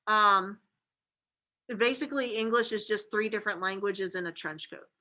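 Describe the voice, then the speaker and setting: Bright-voiced woman teacher, chatty lecture. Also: on the high side, rough recording. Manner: casual and chatty, many fillers like "like" and "okay". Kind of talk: classroom lecture.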